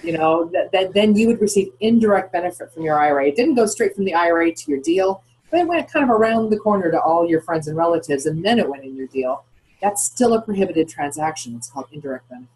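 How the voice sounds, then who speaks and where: A woman's voice: on the low side, expressive, fast talker, a little mellow, slightly rough, poor audio. A woman guest on a podcast interview, explaining things in a chatty way and posing questions to herself as she goes. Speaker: guest, founder of retirement account custodian.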